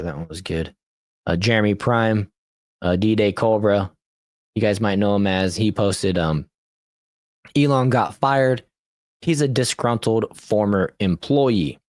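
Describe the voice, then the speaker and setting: A man's voice: fairly low pitch, a little mellow, dry recording, studio quality. A man hosting a podcast, reading social media posts aloud in casual political commentary, laughing often and stumbling over and correcting his reading. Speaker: podcast host.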